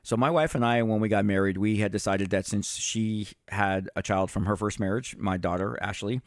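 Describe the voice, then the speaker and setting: A man's voice: fairly low pitch, steady tone, moderate pace, no room sound, studio quality. A man in his fifties, a retired police chief, telling stories in a casual livestream chat. He talks straight to his viewers and swears now and then. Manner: conversational, addresses viewers directly, swears casually.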